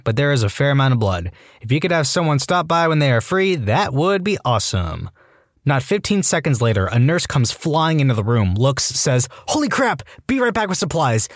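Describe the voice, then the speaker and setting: A man's voice: medium pitch, expressive, a little fast, no echo, studio quality. A man narrating a string of online stories aloud, acting out the quoted lines with animation. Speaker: story narrator.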